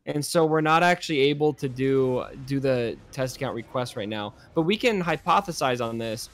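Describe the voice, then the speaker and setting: A young man co-hosting a casual gaming chat show, reading viewer comments, chatty and excitable. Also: mid-range voice, normal speed. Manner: chatty, excitable, laughs often. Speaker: podcast co-host.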